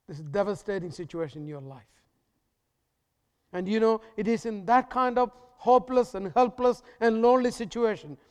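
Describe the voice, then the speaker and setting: A man preaching a sermon as pastor, emphatic and repetitive with dramatic pauses. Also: high-pitched, a little mellow, clean tone, long reverb tail.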